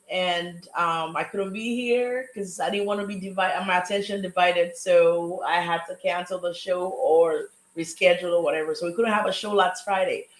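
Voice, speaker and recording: A woman's voice: medium pitch, roomy sound, low-quality recording. Exuberant African-accented woman hosting. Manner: exuberant, effusive welcomes. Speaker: host. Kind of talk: upbeat live show chat.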